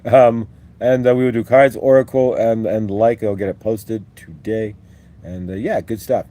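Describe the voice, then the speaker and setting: A man's voice: on the low side, steady tone, normal speed, warm tone. A man hosting a live-stream spiritual talk, rambling and upbeat as he leads repeat-after-me affirmations. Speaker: host.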